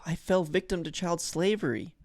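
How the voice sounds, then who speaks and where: A man's voice: on the high side, moderate pace, darkish tone, no echo, clean studio sound. A man co-hosting a podcast, chatting casually and telling rambling stories with frequent laughter. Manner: rambling storyteller, laughs often, acts out voices. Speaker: podcast co-host. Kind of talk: casual chat.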